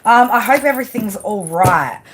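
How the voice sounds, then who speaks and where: A woman's voice: medium pitch, expressive, normal speed, breathy edge. A woman doing a casual livestream tarot reading, chatty and rambling, swearing casually as she talks through the cards at her table. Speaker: tarot reader. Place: home, at a table under a lamp.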